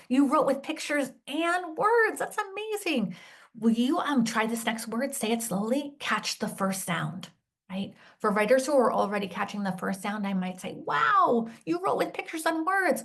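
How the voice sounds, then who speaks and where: Woman teacher trainer giving a workshop talk, mid-pitched, encouraging, keeps tagging on "right?". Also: vocal fry. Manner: ends many points with a questioning "right?". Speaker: literacy educator presenting a teacher workshop. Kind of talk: instructional presentation.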